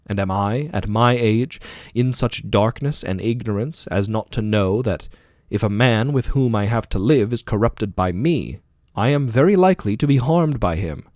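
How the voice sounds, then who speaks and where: A man's voice: lowish voice, darkish tone, no echo, studio quality, lightly acted. A man reading the part of an aging male philosopher defending himself in court, with probing, rhetorical questioning. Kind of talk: audiobook dialogue reading.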